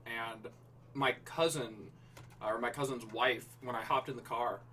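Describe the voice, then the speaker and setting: A man's voice: medium pitch, steady tone, measured pace, bright, forceful tone, recorded from a distance, a little hiss or hum. A man hosting a casual livestream, joking and swearing freely as he chats with viewers about writing prompts. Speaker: livestream host and writer.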